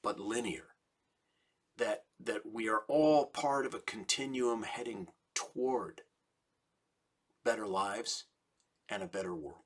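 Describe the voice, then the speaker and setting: A middle-aged man, a rabbi, giving a slow, deliberate sermon with emphatic repetition. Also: on the low side, breathy edge. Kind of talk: recorded sermon message.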